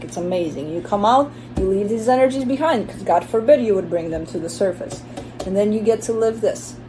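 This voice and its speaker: A woman's voice: mid-range voice, background noise. A woman giving a casual tarot reading, chatty and blunt, swearing now and then and voicing the listener's inner thoughts. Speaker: tarot reader.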